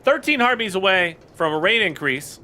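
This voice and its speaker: A man's voice: sits high, big pitch swings, moderate pace, bright, forceful tone. A man casually chatting on a live game stream, greeting viewers by name and rambling with fillers.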